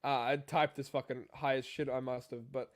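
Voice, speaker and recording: A man's voice: medium pitch, fairly even intonation, brisk. A young man co-hosting a wrestling review podcast, rambling and swearing in casual chat. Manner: profane, rambling, jokey. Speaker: podcast co-host.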